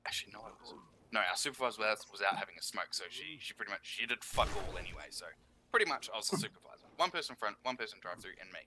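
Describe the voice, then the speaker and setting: A man chatting with friends while gaming, telling a story in an animated, profane way. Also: fairly low pitch, rapid-fire. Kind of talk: casual story over voice chat. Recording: loud noise behind the voice.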